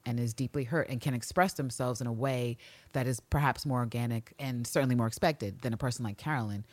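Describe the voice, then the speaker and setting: A woman's voice: a bass voice, fairly quick, a little mellow, dry recording. A woman co-hosting a podcast, recapping a TV episode in casual chat and acting out the characters' lines with sass. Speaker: podcast co-host.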